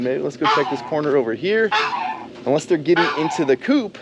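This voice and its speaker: A man, mid-pitched and easygoing, gives a casual vlog walk-through outdoors on his farm. He chats to the camera and teases his animals in a playful voice. Loud background noise and clucking fowl run under his talk. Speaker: farm vlogger.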